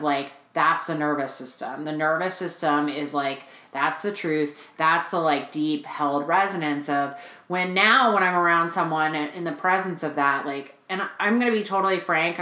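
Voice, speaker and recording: A woman coaching clients, talking casually and frankly on a podcast, with lively storytelling and frequent swearing. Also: sits low. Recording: roomy echo.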